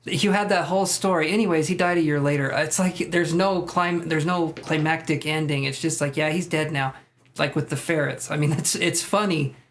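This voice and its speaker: Male tarot stream host, a touch high-pitched, loose joking banter with viewers. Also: fairly even intonation, moderate pace, a bit bright. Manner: joking, laughing, swearing freely. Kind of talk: casual live-stream chat reacting to viewers.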